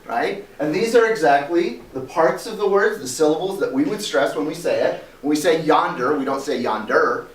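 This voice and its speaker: A male teacher talks fairly fast in a slightly high voice, barely stopping for breath. He explains his lesson one step at a time and keeps putting questions to the class. The sound comes from a far-off mic in a roomy classroom, with a little background noise.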